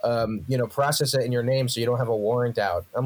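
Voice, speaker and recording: A man's voice: medium pitch, fairly quick, hardly any pauses. A young man, a podcast co-host, telling a story in a casual comedic chat, swearing and ranting with rising energy.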